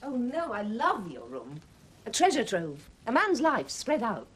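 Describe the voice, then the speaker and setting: A woman's voice: a little high, wildly swooping pitch, a little slow, fairly bright tone, breathy edge, full character voice. An actress playing a bold, playful and inquisitive lady in a 1970s period drama. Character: bold, flirtatious cigar-smoking lady.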